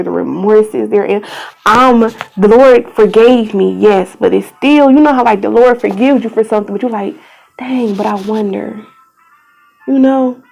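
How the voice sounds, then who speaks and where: A woman's voice: medium pitch, gravelly, a little mellow, muffled recording. A young woman vlogger giving an emotional personal testimony, earnest and pleading, tearful at times, sometimes dropping to a whisper.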